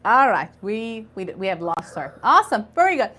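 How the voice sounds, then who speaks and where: A woman's voice: mid-range voice, big pitch swings, normal speed, hardly any pauses, sharp tone. A woman teaching an online English conversation class, patiently spelling out words and drilling pronunciation.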